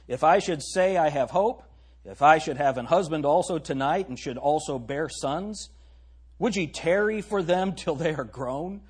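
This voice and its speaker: Husky preacher man reading scripture. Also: on the high side, moderate pace. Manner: reads old-style scripture, breaks off for joking asides to the congregation. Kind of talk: sermon reading scripture aloud.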